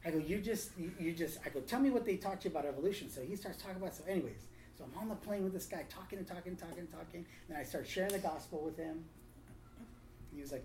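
A man telling a testimony and preaching to a small group, lively and acting out other people's lines. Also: a little high, quick pace. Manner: animated storytelling, acts out quotes. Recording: roomy echo, faint room noise.

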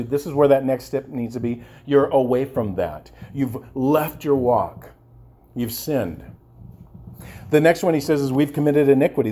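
A man's voice: medium pitch, dark tone, breathy edge. A man preaching a sermon with passion, often repeating words and asking his listeners for agreement. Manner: passionate, repeats words and restarts, asks the congregation "amen?". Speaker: pastor.

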